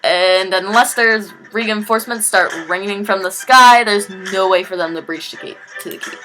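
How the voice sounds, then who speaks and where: A woman's voice: medium pitch, moderate pace, bright, forceful tone, faint music behind, natural voice, low-quality recording. A woman voicing a brash, mocking young female fighter in a game, with a valley-girl drawl. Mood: taunting.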